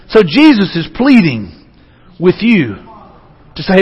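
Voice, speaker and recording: A male pastor preaching a sermon to a congregation, fervent and earnest, swinging between loud emphasis and hushed appeals, with frequent restarts. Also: high voice, wildly swooping pitch, measured pace, pauses often, breathy edge. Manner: fervent, rising and falling delivery with restarts. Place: church hall. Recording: long church hall reverb.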